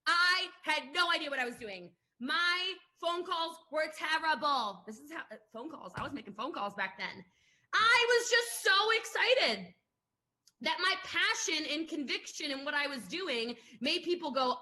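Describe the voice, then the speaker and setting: High, bright, energetic woman coaching. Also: normal speed. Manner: energetic, emphatic and playful. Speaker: network marketing coach. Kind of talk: motivational talk on a live call.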